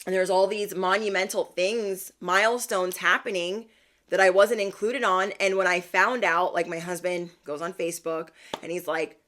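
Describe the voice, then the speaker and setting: A woman vlogger in a chatty, animated retelling of a family story, using slang as she talks to her viewers. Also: fairly low pitch, normal speed. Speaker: spiritual vlogger. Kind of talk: casual storytelling.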